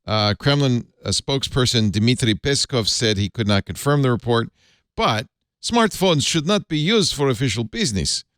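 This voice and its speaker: A man's voice: mid-range voice, expressive, moderate pace, fairly bright tone, no room sound, studio quality. A man hosting a tech news panel show, chatting and reading a sponsor ad with many fillers and restarts. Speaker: host. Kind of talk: tech news panel chat and live ad read.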